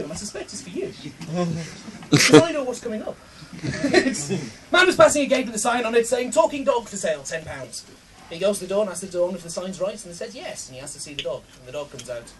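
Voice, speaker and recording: Fast-talking, with a high voice and big swings in pitch, a man runs a comedy night, delivering bad jokes to the crowd, laughing at himself and cursing in self-mocking stand-up. The mic is distant and the audience loud.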